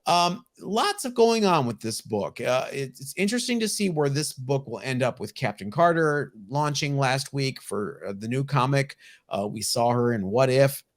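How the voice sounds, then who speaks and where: A man's voice: mid-range voice, normal speed. A man co-hosting a casual podcast about comic book collecting, talking with an enthusiastic manner. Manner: enthusiastic, lively collector banter. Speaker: podcast co-host.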